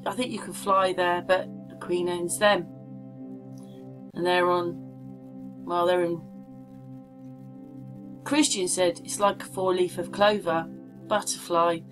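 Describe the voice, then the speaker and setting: Over music, a woman vlogger with a fairly low, steady voice talks slowly and pauses often. She rambles casually while showing maps, frequently asking viewers what they think.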